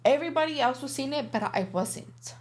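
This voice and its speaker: A woman's voice: high-pitched, animated, a little fast. Candid young woman telling a hard story. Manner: candid, profane, many fillers. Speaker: guest. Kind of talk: casual storytelling interview.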